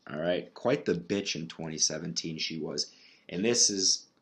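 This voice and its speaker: Host, male, very low voice; loose swearing solo podcast ramble. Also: normal speed, a bit bright. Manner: rambling, profane, restarts often. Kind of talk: casual solo podcast monologue.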